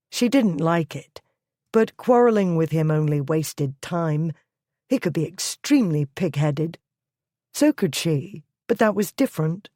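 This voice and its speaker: An audiobook narrator giving a measured, even scripted reading of a historical romance. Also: mid-range voice, no room sound, studio quality.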